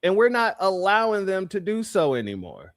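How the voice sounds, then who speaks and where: A male host delivers reaction commentary in a noticeably high voice, hammering his points through repetition and speaking straight to his audience as family. The sound is dry and close. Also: wildly swooping pitch, normal speed, fairly bright tone, no echo. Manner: emphatic, repeats phrases, addresses viewers as family.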